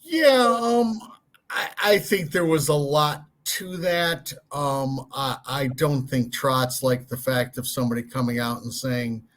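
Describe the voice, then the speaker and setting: A man co-hosting a hockey podcast, talking casually in halting, self-deprecating bursts and often repeating words. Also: medium pitch, a bit bright. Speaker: podcast co-host. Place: hotel room.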